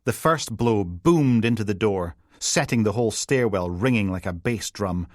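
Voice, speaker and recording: Male narrator for a crime audiobook; low, wry delivery, dry close mic. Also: animated, moderate pace, dry recording. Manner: wry, descriptive storytelling.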